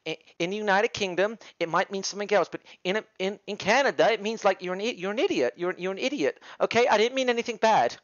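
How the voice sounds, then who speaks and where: A flustered, apologetic schoolteacher pleads that she meant no harm, as a man quotes her in his own voice. The delivery stays lively and dry. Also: sits high, fast talker, few pauses, dry recording, dull audio. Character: flustered apologetic female Canadian teacher.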